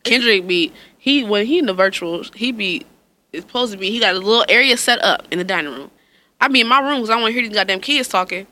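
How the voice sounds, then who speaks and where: Animated woman telling stories, bright voice. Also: fast talker. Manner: animated storyteller, acts out quotes with big pitch jumps, swears freely. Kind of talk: casual chat.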